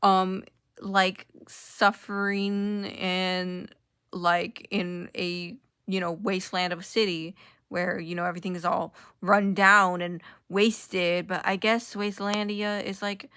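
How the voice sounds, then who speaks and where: A woman's voice: mid-range voice, flat delivery, takes it slowly, sharp tone, smooth, no echo, clean studio sound. A young woman giving a sarcastic, casual commentary rant full of filler words. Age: young adult. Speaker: commentary YouTuber.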